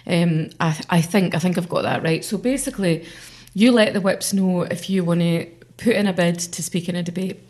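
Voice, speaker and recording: A woman's voice: fairly low pitch, normal speed, a little mellow. A middle-aged woman, a member of parliament talking earnestly in an interview, with many fillers and restarts. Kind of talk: conversational interview.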